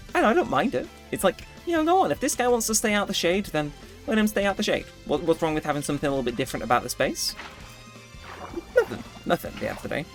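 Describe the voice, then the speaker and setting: A man giving rambling, self-correcting commentary while playing a game. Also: high-pitched. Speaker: gaming YouTuber. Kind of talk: casual gameplay commentary. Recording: faint background music.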